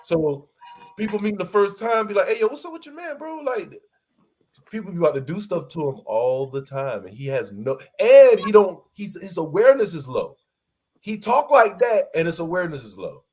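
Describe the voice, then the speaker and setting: Man with a slightly high voice; relaxed, slangy instructor who mimics friends' lines. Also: normal speed, breathy edge. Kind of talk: casual discussion.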